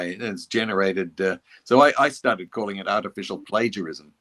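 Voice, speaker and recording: An older Australian man, a voice actor, telling stories in a relaxed interview with reflective, restarting speech. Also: fairly low pitch, a little fast. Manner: reflective and anecdotal, with frequent restarts. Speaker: voice actor guest. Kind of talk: casual interview chat.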